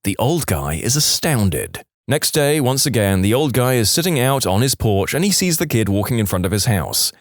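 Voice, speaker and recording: A man telling jokes in a very lively, swooping voice, jumping in and out of the characters. The sound is dry and close to the mic. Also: medium pitch, moderate pace, hardly any pauses, no room sound. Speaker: joke storyteller. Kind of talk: reading jokes aloud.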